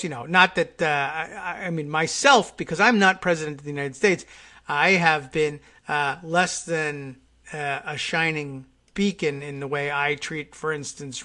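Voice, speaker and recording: A man's voice: a little high, bright, forceful tone. A man hosting a political talk podcast, rambling and wry, with many fillers and restarts. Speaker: podcast host. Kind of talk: casual political commentary.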